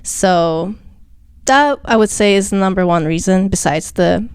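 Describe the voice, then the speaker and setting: A young woman esthetician talks skincare in a relaxed interview, slipping in fillers as she explains. A slight non-native accent colors her words. Her voice is smooth and resonant, recorded close and dry. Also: medium pitch, a little slow, dry recording. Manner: chatty, explains skincare plainly with many fillers. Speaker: esthetician guest. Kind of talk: casual explanatory interview talk.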